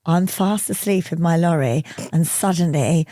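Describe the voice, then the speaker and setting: A woman hosting a podcast, telling a story in a lively way, laughing and acting out quoted voices. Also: lowish voice, normal speed, no room sound, studio quality. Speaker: podcast co-host. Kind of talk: casual storytelling chat.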